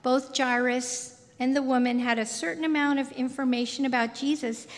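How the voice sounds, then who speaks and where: A woman preaching a sermon in a slow, deliberate, softly intimate way. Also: high-pitched, steady tone. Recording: reverberant hall.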